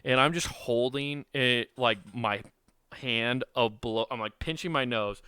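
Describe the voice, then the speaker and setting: Podcast co-host from Iowa, a man with a bright, clear voice, for chatty anecdotes with laughs. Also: medium pitch, unhurried, dry recording. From Iowa, USA. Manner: animated, laughing, acts out quoted voices. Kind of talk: casual storytelling chat.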